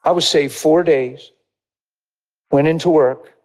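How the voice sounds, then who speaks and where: A middle-aged man preaching, telling his testimony in a lively, conversational way and acting out dialogue. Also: a little high, slow pace. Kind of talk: testimony sermon, storytelling.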